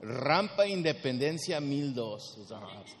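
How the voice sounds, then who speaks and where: A man from Mexico, an author speaking as a panel guest, lively and playful. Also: mid-range voice, a little slow, slight background noise. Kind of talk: panel discussion. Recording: reverberant hall.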